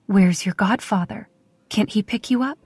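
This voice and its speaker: A woman reading the lines of a stern wealthy man who turns tender with a child, calm and soothing. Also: mid-range voice, normal speed, slightly rough, no echo.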